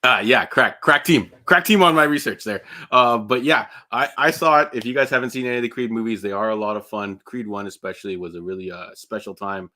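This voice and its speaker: Male co-host, lowish voice with a bright edge, loose and joking delivery. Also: fairly quick, hardly any pauses. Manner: relaxed, joking, rambling with fillers. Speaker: podcast co-host. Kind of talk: casual chat.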